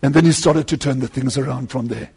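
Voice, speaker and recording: A man preaching a sermon with fervent delivery, swinging between loud climbs and quieter asides. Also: medium pitch, a little fast, creaky, husky.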